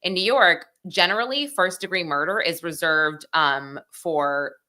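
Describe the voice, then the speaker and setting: Chatty young woman, bright low voice. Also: a little slow. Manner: chatty, full of "like" and "you know", acts out the people she quotes. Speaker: legal reporter and live show host. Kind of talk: casual live-stream talk.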